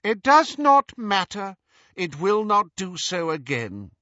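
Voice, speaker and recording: A man voicing a young woman posing as a sneering dark witch, cold and contemptuous, in an audiobook. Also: very high voice, animated, a little slow, no echo, muffled recording, pitched above the performer's own voice, full character voice.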